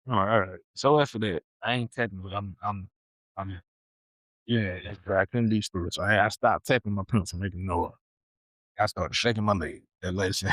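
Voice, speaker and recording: A young man hosting a podcast tells a childhood story in an animated, casual, slangy way, repeating himself a lot. His voice is low and at normal speed, on a rough recording with no echo.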